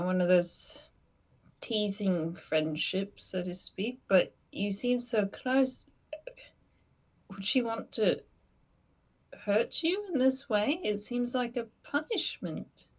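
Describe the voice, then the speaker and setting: A woman voicing a gentle male bard who asks soft, hesitant questions. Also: medium pitch, animated, takes it slowly, long pauses. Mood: concerned. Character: gentle young male bard, caring and probing.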